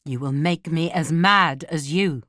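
A woman reading an audiobook and voicing a brooding, heartbroken young man, speaking low and reproachfully. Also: unhurried, pushed and bright, no echo, studio quality. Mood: anguished.

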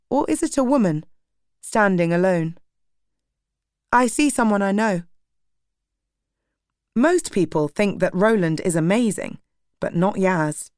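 A woman reading a novel aloud in a steady, measured audiobook style. Her voice sits fairly low, and the recording is dry and close, with no room sound. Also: no echo. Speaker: narrator. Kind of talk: scripted audiobook narration.

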